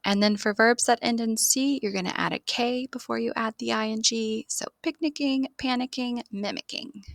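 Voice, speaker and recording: Gravelly-voiced woman teaching grammar. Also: a little high, normal speed, dry recording. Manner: steady explaining, spells words letter by letter. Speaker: English teacher. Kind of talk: online grammar lesson.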